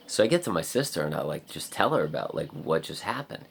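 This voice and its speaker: Deep gravelly man vlogging casually. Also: very animated, fast, a little hiss or hum. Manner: rambling, heavy use of "like" and swearing. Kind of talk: casual storytelling vlog.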